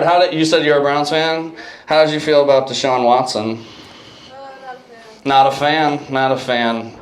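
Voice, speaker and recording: Comedian in an echoey comedy club. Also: male voice, medium pitch, little pitch movement, a little slow, long pauses. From Cleveland, Ohio. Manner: loose, conversational, chats with the audience. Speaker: stand-up comedian. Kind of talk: stand-up set with crowd work. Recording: echoey club room, loud crowd noise.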